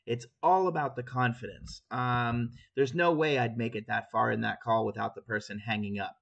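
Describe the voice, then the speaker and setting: A man's voice: medium pitch, moderate pace, gravelly, fairly bright tone, highs cut off. A man giving a casual sales training talk, explaining phone scripts and acting out sample calls.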